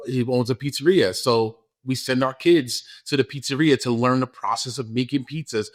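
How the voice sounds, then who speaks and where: An earnest man speaks at an ordinary middle pitch. He talks casually as a guest on a podcast, repeating words as he searches for them. His feelings come through openly as he talks. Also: a bit bright. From New York. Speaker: school principal, guest. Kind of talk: casual interview talk.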